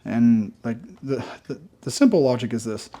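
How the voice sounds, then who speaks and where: A man's voice: medium pitch, normal speed, warm tone. A young man out of breath after training, talking in a rambling, emphatic way and repeating himself as he vlogs from the gym. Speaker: fitness vlogger. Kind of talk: casual gym vlog.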